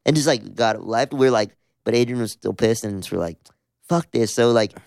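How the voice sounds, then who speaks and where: A man's voice: on the low side, brisk, vocal fry, a little mellow, no room sound, studio quality. Rambling, swearing man telling a story. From Southern California. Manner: rambling, swears a lot, heavy fillers. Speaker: musician guest. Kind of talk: casual storytelling chat.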